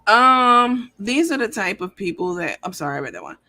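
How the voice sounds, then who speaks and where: Lively and animated, a livestream show host reads out comments from viewers and rambles bluntly, swearing freely. Her voice is medium-pitched and moves at a normal speed.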